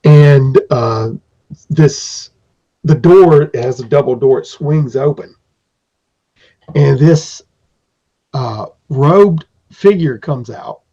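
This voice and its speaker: A man's voice: a little high, slow pace, long pauses, warm tone, breathy edge. A man improvising narration as game master for a tabletop game, rambling, with fillers and restarts. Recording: dull lo-fi recording.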